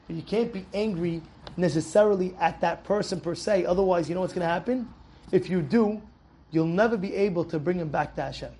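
Telling a story to young students, a young adult rabbi teaches Torah with animated emphasis, repeating phrases to stress points and shouting when acting out quotes. He has a high male voice and talks fairly quickly.

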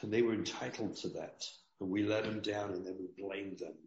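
A man's voice: fairly low pitch, fairly even intonation, brisk, creaky, darkish tone, a little hiss or hum. A man speaking as a rabbi in an interview, earnest and preaching, often repeating his key lines. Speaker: rabbi and parenting guest. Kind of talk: emotional interview talk. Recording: dull roomy sound.

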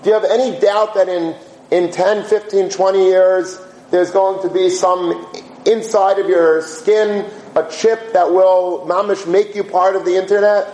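A man giving an animated sermon-style talk to students, telling stories, asking rhetorical questions and mixing in Yiddish and Hebrew words. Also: high voice, measured pace. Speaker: yeshiva teacher giving a talk. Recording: roomy echo, faint background hum.

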